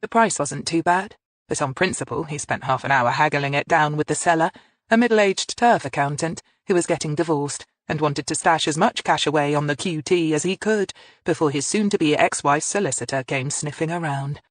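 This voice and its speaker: A measured audiobook narrator reading a crime novel, at a middling pitch. The sound is dry and close, with no room around it. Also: no room sound. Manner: measured storytelling.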